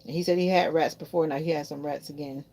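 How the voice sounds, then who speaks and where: A woman's voice: sits low, fairly even intonation, fast talker, warm tone. A woman chatting casually to her viewers while doing laundry at home, rambling from one thought to the next. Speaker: vlogger. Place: home in Florida.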